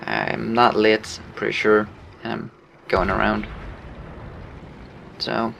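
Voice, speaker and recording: A man giving casual commentary over his own gameplay, relaxed, laughing often and explaining his moves. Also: lowish voice, slow pace, creaky, a little hiss or hum.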